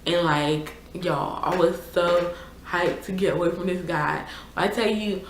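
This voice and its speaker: A woman's voice: fairly low pitch, steady tone, unhurried, a little hiss or hum. A young woman, chatting casually and exasperatedly through a storytime vlog with lots of fillers. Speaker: YouTuber. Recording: echoey room.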